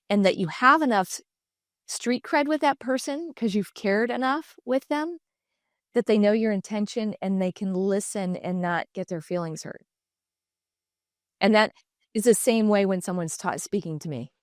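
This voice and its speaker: Lively middle-aged woman telling stories. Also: medium pitch, dry recording, clean studio sound. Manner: animated, acts out quoted dialogue in shifting voices. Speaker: podcast guest, designer and entrepreneur. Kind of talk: candid conversational storytelling.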